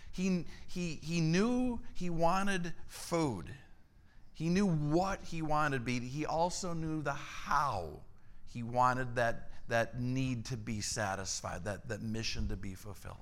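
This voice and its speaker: A middle-aged man preaching a storytelling sermon, acting out the dialogue in his tale with lively energy. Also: medium pitch, slow pace. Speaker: church staff member preaching.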